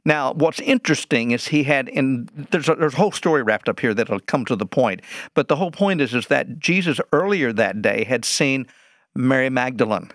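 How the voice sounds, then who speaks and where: A man in a teaching role works through scripture, asking questions aloud and then answering them. His voice sits at an ordinary middle pitch, and the recording is close and dry, with no room sound. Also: lively intonation, moderate pace, a bit bright, dry recording. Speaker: Bible teacher guest. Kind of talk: explaining scripture in an interview.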